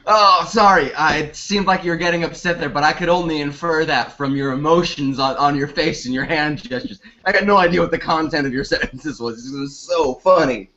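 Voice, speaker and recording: A man's voice: fairly high pitch, a little fast, hardly any pauses, sharp tone. A man improvising a brash, blunt male morning-show co-host who gets impatient, in a comedy scene over a lo-fi online call. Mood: mocking. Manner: blunt, impatient, breaks into laughter. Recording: dull lo-fi online call audio.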